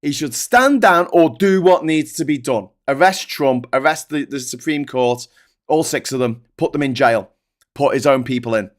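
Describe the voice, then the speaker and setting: A man's voice: medium pitch, normal speed. A man hosting a political livestream, ranting in an exasperated, sweary way. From United Kingdom.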